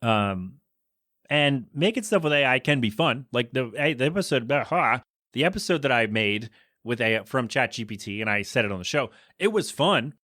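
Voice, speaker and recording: Man, podcast host, casual solo chat, rambling, blunt opinions, medium pitch. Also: expressive, moderate pace, bright, forceful tone, no room sound, studio quality. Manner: rambling, restarts often, frank opinions.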